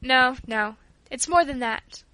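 A tender father speaking earnestly to his daughter, read by a woman. The voice stays high and bright, close and dry. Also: slow, no echo, heavily acted. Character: gentle caring father of a family.

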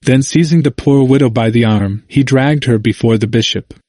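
A man's voice: medium pitch, normal speed, dark tone, no room sound. Man narrating a history audiobook, dry.

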